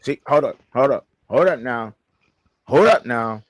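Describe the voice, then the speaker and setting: A man co-hosting a sports show, talking in an animated, slangy way and repeating himself as he argues. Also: medium pitch, unhurried, no room sound. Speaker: show co-host, fan. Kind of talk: heated sports banter.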